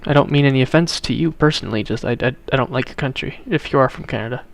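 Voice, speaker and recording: A young male livestreamer chats casually with his viewers while playing a video game, blunt and opinionated as he talks to the chat. His mid-range voice moves at a quick pace and has vocal fry.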